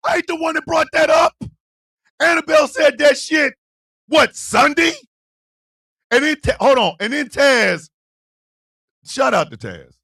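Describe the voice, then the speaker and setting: Male livestream host, high bright voice, very lively delivery, loud profane banter and laughter. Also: measured pace, long pauses. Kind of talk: casual livestream talk, reacting to chat.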